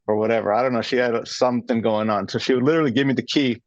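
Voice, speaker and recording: A man's voice: medium pitch, steady tone, very fast, few pauses, dry recording, lo-fi sound. A man in his thirties, a guest on a radio interview, telling his story in a rambling way with many restarts and fillers. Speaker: guest, charcuterie maker. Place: radio studio.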